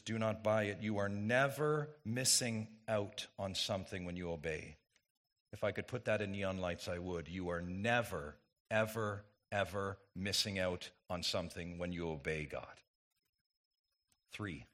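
A man's voice: mid-range voice, pushed and bright. A man preaching a sermon as pastor, emphatic and full of rhetorical questions to the congregation.

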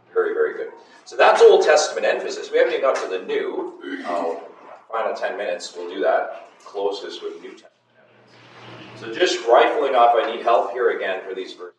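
A man teaching a Bible class, emphatic, putting questions to the students. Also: fairly low pitch. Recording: echoey room, far from mic, faint noise.

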